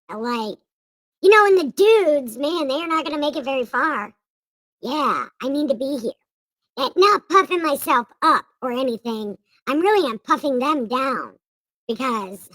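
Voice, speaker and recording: A woman's voice: high voice, fairly bright tone, no room sound, voice pushed up. A woman voicing a young man who pleads with his father in a casual, slangy, giggly way.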